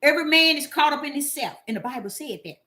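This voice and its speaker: Bright-voiced woman preaching to viewers. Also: high-pitched, quick pace. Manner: animated, preachy, lots of repeated words and fillers. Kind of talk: casual commentary addressing viewers.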